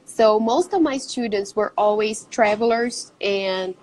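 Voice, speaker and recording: A woman's voice: medium pitch, a little slow, darkish tone, a little hiss or hum, low-quality recording. A Brazilian-born woman, a native Portuguese speaker and English teacher, chatting in an interview and laughing often. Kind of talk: casual interview chat.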